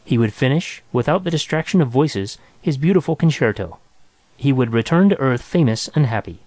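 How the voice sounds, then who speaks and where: A man narrating a short story in a measured, even reading. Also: mid-range voice, no echo.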